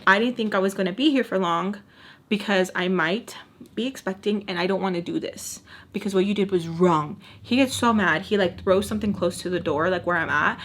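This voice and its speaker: A woman's voice: medium pitch, a little fast. Young woman vlogger, spills a story to camera, chatty, lots of "like", bits slip in. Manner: chatty, animated, drops in Spanish words and fillers.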